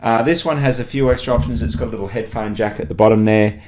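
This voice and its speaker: A man with a very low voice talks through microphones in a relaxed, chatty way. He thinks aloud as he goes, like a blogger walking viewers through his kit. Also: fast talker. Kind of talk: casual product walkthrough.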